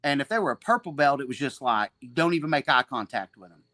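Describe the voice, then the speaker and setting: Here the podcast guest, a gym owner in his forties who teaches jiu-jitsu, spins loose, foul-mouthed yarns at his own expense. His voice is medium in pitch with lively intonation, a quick pace, and a sharp tone, with no echo.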